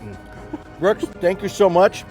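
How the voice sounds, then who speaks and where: A man's voice: high-pitched, big pitch swings, measured pace, over music. A man hosting a comedy cooking segment outdoors at a tailgate, teasing his guest in playful banter. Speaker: comedy show host. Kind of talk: joking cooking segment interview. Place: outdoors at a stadium parking lot tailgate.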